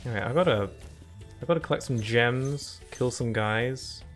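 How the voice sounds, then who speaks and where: A man commentates his own live game stream in a relaxed, rambling way, chatting to viewers between moves. His voice sits at an ordinary middle pitch. Quiet game music runs softly behind him. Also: moderate pace. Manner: chatty and rambling, talks to chat between laughs.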